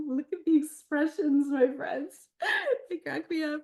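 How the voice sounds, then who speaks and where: A woman author reading her picture book aloud to children, animated and expressive, gasping and laughing along. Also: sits high, unhurried.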